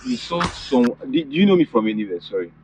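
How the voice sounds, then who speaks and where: A man's voice: mid-range voice, very animated, fairly quick, noisy background. A man with a Nigerian accent in a comedy skit, exasperated and pleading. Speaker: bystander in skit.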